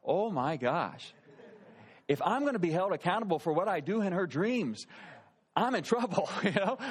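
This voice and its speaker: A pastor in his thirties telling a personal story in a relaxed, conversational sermon and asking his listeners questions. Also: high voice.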